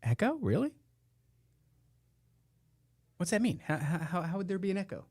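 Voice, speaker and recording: A man's voice: high-pitched, very animated, normal speed, a little mellow, husky, no echo, studio quality. Profane sarcastic man hosting a podcast. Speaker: podcast host. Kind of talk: casual live podcast chat. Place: indoor room beside a meeting room. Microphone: headphones and close studio mic.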